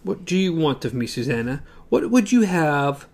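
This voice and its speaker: A reader doing a mighty male wizard who booms his words out slowly and grandly. His pitch swings up and down as he commands. The voice is full of imperious pomp. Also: big pitch swings. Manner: slow, loud, declaiming.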